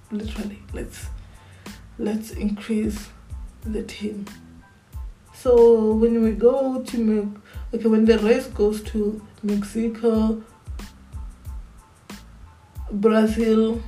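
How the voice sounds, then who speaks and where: A woman talks through her fan commentary in a fairly high, mellow voice, unhurried and chatty. She repeats words and names as she thinks aloud, with faint music playing underneath. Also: rough recording. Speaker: Formula One fan vlogger.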